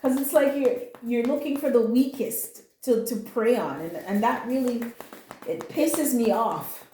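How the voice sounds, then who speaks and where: Woman, tarot reader, casual spoken reading, earnest, comforting, blunt slang, mellow tone, echoey room. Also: on the high side, unhurried, a little hiss or hum.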